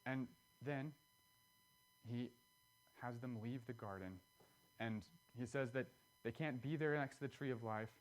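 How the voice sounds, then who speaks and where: A man's voice: mid-range voice, unhurried, long pauses. A man preaching a sermon, earnest and explanatory, pressing key words with emphatic rises.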